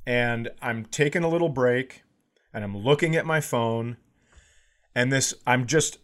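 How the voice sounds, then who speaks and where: A man's voice: mid-range voice, a little slow. A man in his forties, a podcast co-host telling a funny story in casual chat and acting out the people he quotes. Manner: animated, acts out quoted voices loudly.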